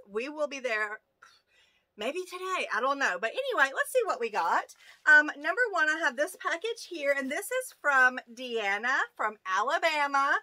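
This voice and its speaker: High, bright-voiced woman gushing over fan mail. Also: no room sound. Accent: rural American. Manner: gushing and excitable, talking to viewers. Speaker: YouTube channel host. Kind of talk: casual unboxing of fan mail.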